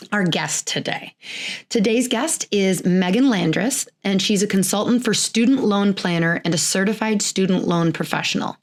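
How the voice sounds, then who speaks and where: A woman in her thirties hosting a podcast, talking in a chatty, rambling way, with frequent "like"s and little laughs. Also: medium pitch. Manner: laughs often while talking. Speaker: podcast host. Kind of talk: casual chat.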